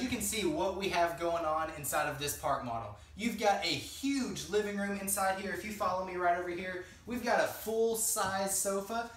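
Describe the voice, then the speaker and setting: High-pitched, upbeat salesy man. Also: a bit bright, roomy sound, slight background noise, poor audio. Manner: upbeat, salesy, keeps addressing viewers as guys. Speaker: home tour presenter. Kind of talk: enthusiastic sales walkthrough. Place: inside a small manufactured cottage.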